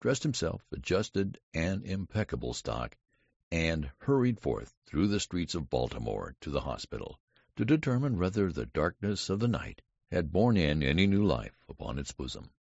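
Very deep gravelly male storyteller. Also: normal speed, no echo. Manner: expressive, wide-ranging storytelling. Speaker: narrator. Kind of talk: audiobook narration. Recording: dull lo-fi dry recording.

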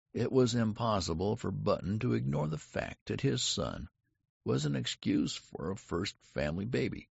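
A man reading a story aloud as an audiobook narrator, measured and deliberate, with small shifts of voice for the characters. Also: lowish voice, gravelly, breathy edge, dry recording, dull audio. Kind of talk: scripted narration.

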